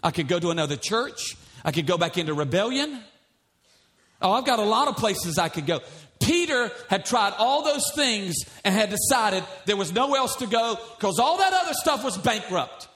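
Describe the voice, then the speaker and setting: A man's voice: high voice, very animated, normal speed, fairly bright tone. A male pastor preaching a sermon in a church, emphatic, with many repeated rhetorical questions.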